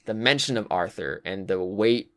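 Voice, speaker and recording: Co-hosting a discussion of a video game, a man with a lowish, expressive voice and fairly bright tone talks at a moderate pace. He thinks aloud about the game's story in casual chat, with frequent fillers and sighs.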